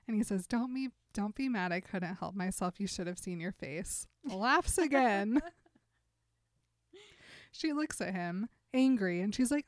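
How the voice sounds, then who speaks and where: A woman in casual chat, summing up a story's scenes with lots of laughter and quick quoted lines. Her voice sits in a middle register and is recorded close, dry, with no room sound around it. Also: mid-range voice, no echo. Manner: animated storyteller who laughs often and quotes characters in passing. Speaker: podcast co-host retelling a novel.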